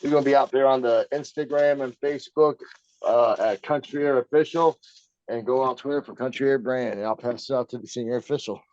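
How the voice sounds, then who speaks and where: A man co-hosting a casual podcast, easygoing and rambling, with a halting way of talking. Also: mid-range voice, a little mellow, dry recording, dull audio. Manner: rambling, laid-back, halting. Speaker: podcast co-host.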